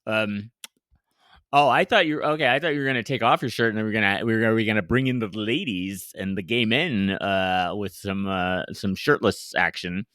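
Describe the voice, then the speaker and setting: A man's voice: lowish voice, moderate pace, a bit bright, no room sound, clean studio sound. A man co-hosting a podcast in casual chat, joking and rambling with lots of fillers. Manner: jokey, rambling with many fillers. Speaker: podcast co-host.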